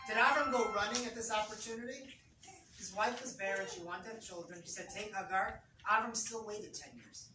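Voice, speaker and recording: Lively Torah teacher, questions the room, acts out scenes; recorded far off with loud background noise. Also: male voice, high-pitched. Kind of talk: animated Torah class. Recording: echoey room, distant mic, background noise.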